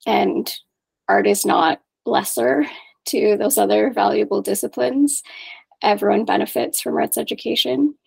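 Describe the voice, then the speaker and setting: A woman answering interview questions as an environmentalist, artist and program coordinator, thoughtful and earnest, sometimes softly breathy. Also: medium pitch, a little slow.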